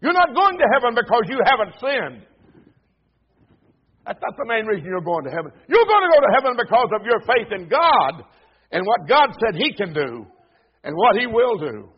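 A man's voice: high voice, very animated, normal speed, husky. A man preaching a sermon at a church service, earnestly exhorting the congregation and reading scripture aloud. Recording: dull lo-fi sermon recording.

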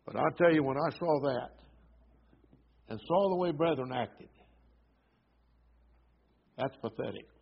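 A man's voice: mid-range voice, expressive, unhurried, vocal fry, pauses often, husky. A man preaching a sermon at a church service, earnestly exhorting the congregation and reading scripture aloud. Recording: dull lo-fi sermon recording.

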